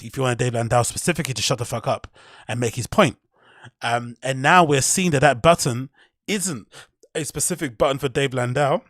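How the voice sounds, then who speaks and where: A man's voice: medium pitch, gravelly, a bit bright, dry recording, studio quality. A man hosting his podcast, ranting in a casual, profane, heated and rambling way. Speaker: podcast host. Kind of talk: casual commentary rant.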